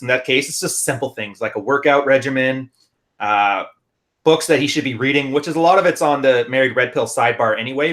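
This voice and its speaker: A man with a Canadian accent co-hosting a casual podcast chat, telling stories briskly and laughing often. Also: medium pitch, fairly bright tone. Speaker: podcast co-host and relationship consultant.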